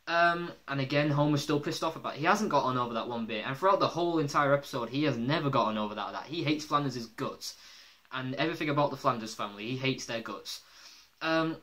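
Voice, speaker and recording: A man's voice: mid-range voice, fast talker, a bit bright. A man casually reviewing a cartoon episode, rambling with lots of fillers and laughter.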